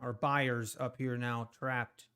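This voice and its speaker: Male streamer host, slow unhurried delivery, smooth clear voice, breathless, teasing chat banter. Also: mid-range voice, little pitch movement, sharp tone. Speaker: trading livestream host. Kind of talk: casual live-stream commentary. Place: home.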